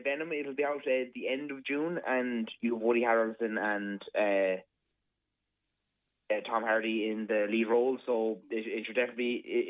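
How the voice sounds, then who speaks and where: A man reviewing films on the radio, speaking hesitantly with many pauses and fillers. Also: fairly low pitch, no room sound. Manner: hesitant, full of ums. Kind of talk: casual radio chat. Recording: tinny phone line.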